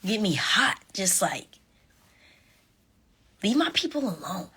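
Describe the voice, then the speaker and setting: A young woman chatting casually with fans on a live stream, animated and sassy, talking straight to her viewers. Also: medium pitch, slow pace, pauses often, slightly rough. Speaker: reality show contestant on a live stream. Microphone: phone.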